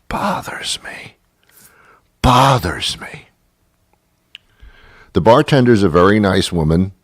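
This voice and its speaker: A man's voice: deep voice, no room sound, studio quality. A man hosting a talk radio show, telling a story as a comedic rant, exasperated and sarcastic, with mock-pedantic asides.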